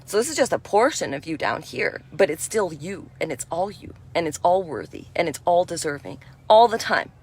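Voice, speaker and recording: A woman giving a spiritual energy talk in a gentle, reassuring and affirming way, chatty with frequent "you know". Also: fairly low pitch, sing-song, normal speed, few pauses, husky. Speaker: spiritual speaker.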